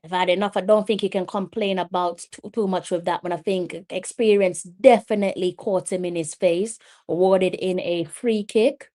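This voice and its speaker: Excitable woman commentating a live match. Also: on the low side, moderate pace, few pauses. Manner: chatty, breaks into loud exclamations at the play. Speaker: watch-along match commentator.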